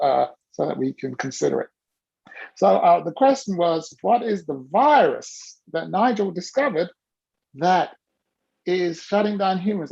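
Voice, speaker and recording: A woman hosting a casual video-call workshop, talking in a playful, teasing, animated way. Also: fairly low pitch, gravelly, husky, dull audio. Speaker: host and coach.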